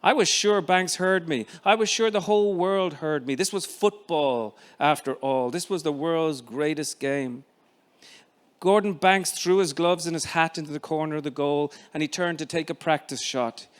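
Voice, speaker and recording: A man in his fifties with an Irish accent, reading his own memoir aloud in a measured, expressive way with many pauses. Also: fairly high pitch, clean tone. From Ireland. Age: 50s. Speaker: author.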